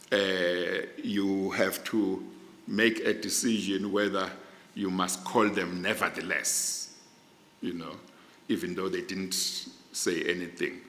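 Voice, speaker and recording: A man in his sixties, a judge being interviewed, explaining in a formal, deliberate way and restating his points. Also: low-pitched, a bit bright. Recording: long reverb in a large hall.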